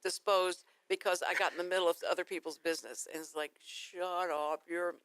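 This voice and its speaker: A woman's voice: lowish voice, steady tone, a little fast, a bit bright, clear, resonant tone, no room sound. Chatty Texan woman radio host. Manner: rambling, storytelling, laughs easily. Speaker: radio talk show host. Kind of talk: casual morning radio chat. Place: radio studio. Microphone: studio microphone.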